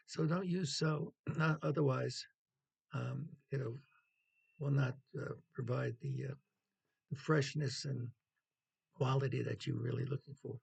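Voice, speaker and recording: A man giving a measured classroom lecture on writing as the instructor, pausing often with ums and clearing his throat. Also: medium pitch, fairly even intonation, a little mellow.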